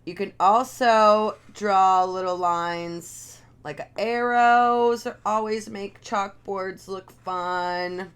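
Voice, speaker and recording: A woman's voice: mid-range voice, slow pace, a bit bright, clear, resonant tone. Chatty woman teaching chalk lettering. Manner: chatty, encouraging, talks while drawing. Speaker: art instructor. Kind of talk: casual video lesson. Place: living room at home.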